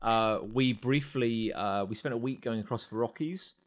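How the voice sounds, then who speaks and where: A man's voice: mid-range voice, normal speed, a little hiss or hum. A man co-hosting a podcast, chatting casually and telling travel stories with frequent laughter. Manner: storytelling, animated, laughs often. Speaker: podcast co-host. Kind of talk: casual chat.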